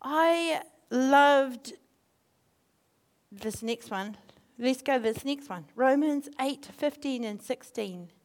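Lively high-voiced woman preaching. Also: slow. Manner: animated, acts out quotes in voices, laughs. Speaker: speaker. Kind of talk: informal sermon with storytelling.

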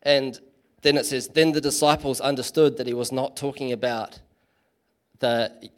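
A man's voice: medium pitch, steady tone, moderate pace. A man giving a casual, chatty sermon in church, full of fillers and self-deprecating asides. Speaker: preacher.

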